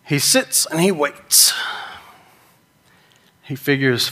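A man's voice: on the high side, animated, unhurried, fairly bright tone, long reverb tail. A middle-aged man, preaching a sermon in a folksy storytelling way and mimicking characters' whining voices. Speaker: pastor.

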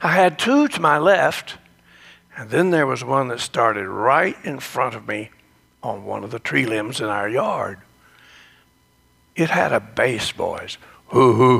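Gravelly, unhurried male storyteller. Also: medium pitch, a bit bright. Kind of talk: devotional storytelling.

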